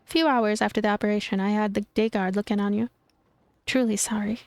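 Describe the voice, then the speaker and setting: A woman voicing a kindly male street priest in a video game, speaking gently and soothingly. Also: mid-range voice, fairly even intonation, quick pace, no room sound, lightly acted. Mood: gentle.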